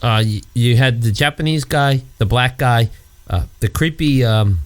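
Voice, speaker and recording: A man co-hosting a casual chat, rambling through stories, swearing freely and acting out scenes. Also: measured pace. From New York area. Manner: rambling storyteller, swears, acts out scenes in high put-on voices. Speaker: podcast co-host.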